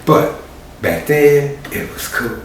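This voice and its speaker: A man's voice: mid-range voice, animated, takes it slowly. Folksy male storyteller in an echoey room. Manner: folksy, conversational, colloquial. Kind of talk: animated oral storytelling. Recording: roomy, distant, faint hiss.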